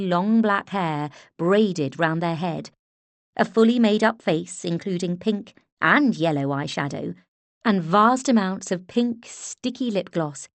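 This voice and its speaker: Woman audiobook narrator, unhurried and expressive, lower voice, dry close sound. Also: no echo. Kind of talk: scripted narration.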